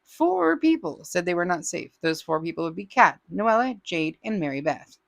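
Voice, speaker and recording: A chatty woman hosting a crafting channel and reading viewer comments aloud. Her pitch jumps around a lot as she trades playful, teasing asides. The sound is close and dry, with no room echo. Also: sing-song, moderate pace, gravelly.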